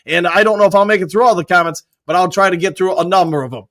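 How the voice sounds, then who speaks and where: A man with a high-pitched voice hosts a casual live stream. He reads viewer comments aloud in an upbeat way, with quick shout-outs and the odd whoop. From Michigan. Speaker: host reading live chat.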